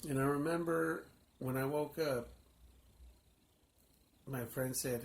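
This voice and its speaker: A man's voice: medium pitch, steady tone, takes it slowly, long pauses. A man, a pastor, telling his personal testimony in an earnest, emotional storytelling manner.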